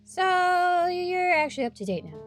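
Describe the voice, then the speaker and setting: Super high gushy recap voice from a girl streamer, faint music behind. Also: big pitch swings, normal speed. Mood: gushing.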